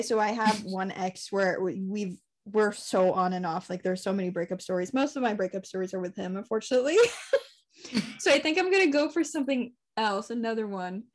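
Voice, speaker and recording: A young woman co-hosting a podcast tells a story in casual chat with a medium-pitched voice, animated and swearing and laughing often.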